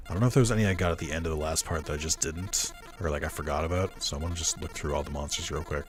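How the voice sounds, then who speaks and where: A young man talks through his game in a relaxed, offhand let's-play style, thinking aloud as he goes. His voice sits low, and faint game music plays quietly behind it. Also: very fast, few pauses. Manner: laid-back, musing aloud, chuckling. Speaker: gamer. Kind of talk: casual let's-play commentary.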